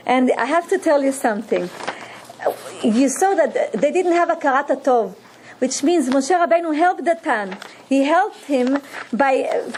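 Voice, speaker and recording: A woman giving a religious lesson, telling a parable in a slow, earnest way and often restarting her words. Her voice sits high, and a faint hiss stays under it. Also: darkish tone, poor audio. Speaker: Torah teacher.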